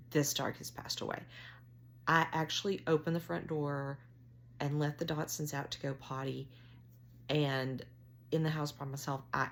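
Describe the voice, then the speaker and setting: A middle-aged woman with a drawl tells a story to her camera in a chatty, self-mocking way. Her voice sits low with a gravelly fry, and a faint hum runs underneath. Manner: chatty, self-mocking, drawn-out Southern phrasing. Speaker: vlogger.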